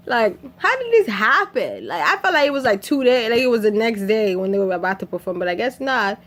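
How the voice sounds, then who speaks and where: A woman from Haiti talks through a film in a loose, chatty recap. She laughs often and slips into the characters' lines, dropping to a whisper for some and jumping high for others. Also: a little fast, few pauses. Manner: animated, laughs often, acts out quotes in whispers and shrieks. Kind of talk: casual storytelling recap.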